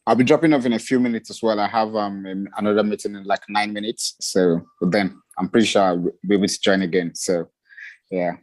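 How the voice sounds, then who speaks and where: A man's voice: fairly low pitch, fairly even intonation, a little fast, no room sound. A man as a guest in a casual livestream chat, laughing often and eager to ask questions.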